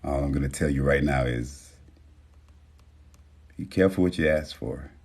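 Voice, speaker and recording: Man with a very low voice, livestream host, loose and profane, reads out viewer names. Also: moderate pace, creaky, darkish tone, slightly rough. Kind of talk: casual livestream chat.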